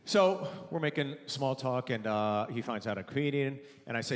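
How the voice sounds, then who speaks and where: A man's voice: mid-range voice, normal speed, hardly any pauses, in a large hall, slight background noise. A man doing a stand-up comedy set on stage, telling stories and acting out both sides of the dialogue. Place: theater stage before a live audience. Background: audience laughter.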